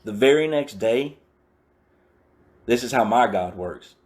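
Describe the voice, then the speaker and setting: A man's voice: medium pitch, animated, takes it slowly, darkish tone. A man giving a personal recovery testimony in a casual, slangy, emphatic storytelling way. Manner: emphatic and repetitive.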